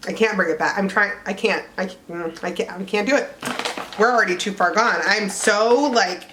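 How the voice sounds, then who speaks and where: A young woman vlogging to camera, chatty and bubbly, with lots of "like" and excited squeals of "oh my God". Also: mid-range voice, normal speed, background noise. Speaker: beauty vlogger unboxing a subscription box. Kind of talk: casual chat to camera.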